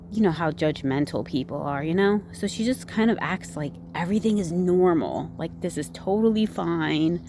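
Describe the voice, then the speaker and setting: A woman's voice: lowish voice, dark tone, slight background noise. A woman casually retelling a movie's plot, rambling with lots of "like", "you know" and "right?" tags. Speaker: movie reviewer.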